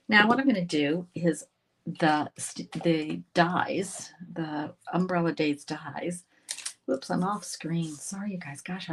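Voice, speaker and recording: A woman with a slightly low voice hosts a relaxed crafting livestream. She chats steadily as she works, drifting into quiet murmured asides, with a faint hiss and small clicks behind her. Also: low-quality recording. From Canada. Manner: chatty, talks while working, drifts into soft murmured asides. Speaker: craft instructor and livestream host. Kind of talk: casual livestream crafting tutorial.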